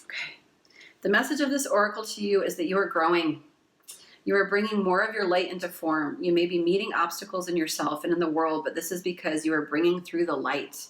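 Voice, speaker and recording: A woman's voice: on the low side, a bit bright, roomy sound. Effusive woman giving a tarot reading. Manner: effusive and emotional, swears casually; reads oracle card messages aloud. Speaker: tarot card reader. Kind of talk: casual pick-a-card tarot reading.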